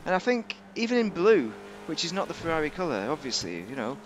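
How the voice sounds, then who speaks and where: A man's voice: a little high, very animated, brisk, noisy background. A man giving rambling, joking commentary while reviewing a video game. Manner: rambling, chatty, jokey asides. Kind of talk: casual gameplay commentary.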